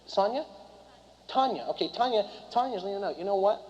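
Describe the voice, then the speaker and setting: A man runs a live seminar at a rapid clip, his voice sitting high for a man. He keeps firing questions at the crowd. The recording is dull and lo-fi. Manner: rapid and animated, keeps quizzing the audience. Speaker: seminar speaker and business trainer. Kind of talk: live motivational seminar talk. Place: meeting room before a live audience.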